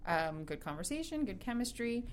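A woman's voice: mid-range voice, big pitch swings, moderate pace, a little hiss or hum. A young adult woman in a casual group chat, chatty and giggly, full of likes and ums. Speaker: guest on a chat show.

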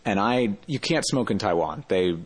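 A man's voice: on the low side, expressive, normal speed, breathy edge. A man telling a travel story in a casual interview, rambling and often correcting himself mid-sentence. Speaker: interview guest.

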